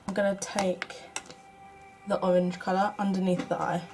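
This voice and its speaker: A young UK beauty vlogger chats casually through a makeup tutorial, mocking herself and often half-muttering to herself. Her medium-pitched voice is flat and darkish at normal speed, with soft background music on a low-quality recording.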